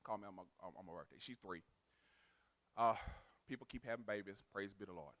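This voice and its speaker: A male pastor a sermon. He swings from loud, sung, rhythmic to quiet, chatty storytelling. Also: fairly low pitch, fast. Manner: builds to loud, sung preaching cadence, then drops to quiet storytelling.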